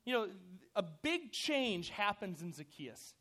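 High-voiced youth pastor preaching casually. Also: male voice, slow. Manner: casual, animated, full of "like" and "you know". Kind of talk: sermon.

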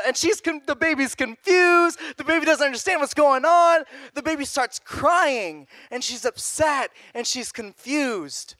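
Young man, youth sermon, very high voice, dry close sound. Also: no echo. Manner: casual, animated, repetitive phrasing. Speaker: youth pastor.

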